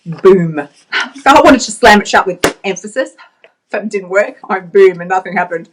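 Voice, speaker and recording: A woman's voice: medium pitch, normal speed. A woman vlogger and life coach giving a chatty, emphatic motivational pep talk to camera, laughing often.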